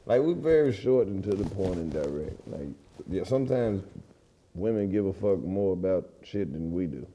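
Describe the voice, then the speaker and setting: A man's voice: deep voice, normal speed, slight background noise. Blunt profane male comedy podcast co-host. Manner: blunt, profane, animated when joking. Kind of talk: casual comedic chat.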